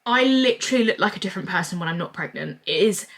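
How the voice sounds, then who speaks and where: A woman's voice: fairly low pitch, animated, fast, vocal fry, a bit bright. A young woman, chatting casually in a rambling vlog Q&A and drifting off topic. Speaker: vlogger.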